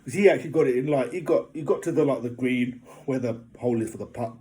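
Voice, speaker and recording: Warm-voiced man rambling casually. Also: mid-range voice, fast, a little hiss or hum. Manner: rambling, keeps asking "do you know what I mean"; animated when telling funny stories. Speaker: motivational vlogger. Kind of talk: casual motivational monologue.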